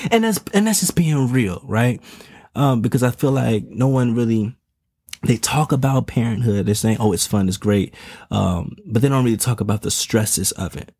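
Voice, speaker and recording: A man's voice: medium pitch, moderate pace, a little mellow, slightly rough, dry recording, clean studio sound. A father of twin toddlers speaking in a casual, earnest monologue. He uses slang and repeats words as he talks. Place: home in Texas.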